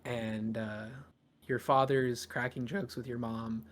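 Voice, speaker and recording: A man narrating a tabletop game as game master, halting with lots of ums and restarts. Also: medium pitch, flat delivery. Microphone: podcast microphone.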